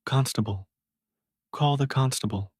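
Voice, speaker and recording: A shrill, accusing market woman from a storybook reading, put on by a man narrator. She cries out loudly in a voice pitched far above his own, and the recording sounds dry and close. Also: a little slow, husky, dry recording. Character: angry market woman shouting thief.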